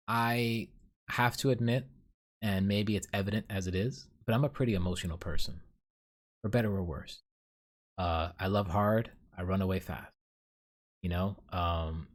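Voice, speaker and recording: A man with a lowish voice hosts a solo podcast. He recounts his dreams in a loose, rambling way, full of ums and likes, and often pokes fun at himself. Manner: rambling, self-deprecating, many fillers. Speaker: podcast host. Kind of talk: casual solo storytelling.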